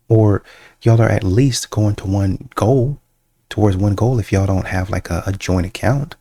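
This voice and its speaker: Brief: dark, raspy male reaction commentator, animated and mocking. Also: lowish voice. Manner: animated, acts out quoted voices.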